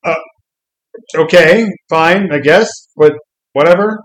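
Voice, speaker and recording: In a casual chat about comics, a man retells scenes with plenty of energy and acts out the quotes. His fairly high voice moves slowly, and the audio quality is poor.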